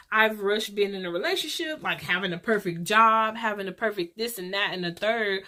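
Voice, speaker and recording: Chatty, rambling woman in her twenties. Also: fairly high pitch. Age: 20s. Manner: chatty, rambling, lively storytelling with church talk. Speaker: vlog host. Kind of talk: casual confessional vlog.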